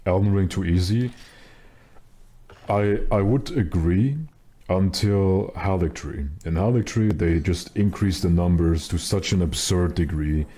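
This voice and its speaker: A man's voice: low voice, a little slow, mellow. A man giving casual live commentary while streaming a game, chatty with wry, self-mocking asides.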